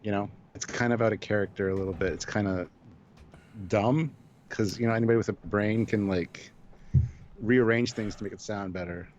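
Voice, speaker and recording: A man's voice: on the low side, fairly even intonation, normal speed, a little mellow. A man co-hosting a live review stream, speaking bluntly and sardonically. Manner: blunt, sardonic, laughing at the silly bits. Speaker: co-host of a live review show. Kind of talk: casual live-stream discussion. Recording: dull lo-fi mic with faint hiss.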